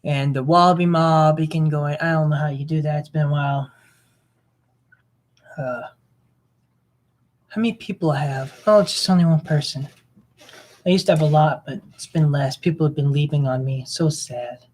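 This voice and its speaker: His voice is on the high side with a darkish tone, delivered at normal speed with long pauses. The young vlogger clicks around his computer talking to himself, muttering, rambling and griping about his discoveries in a screen-recording commentary.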